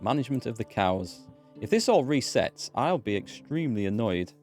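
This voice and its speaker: A man's voice: medium pitch, big pitch swings, moderate pace, a little mellow, soft background music. A man with a North Yorkshire accent giving chatty live-stream commentary on a game and answering viewers' chat. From North Yorkshire, England. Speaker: let's play streamer.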